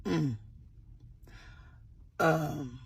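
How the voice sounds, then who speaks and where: A woman's voice: deep voice, drawn-out words, vocal fry, breathy edge. A woman earnestly telling a personal story in a vlog, often repeating "I said" and offering religious encouragement. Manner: earnest, repeats "I said" while retelling. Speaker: vlogger.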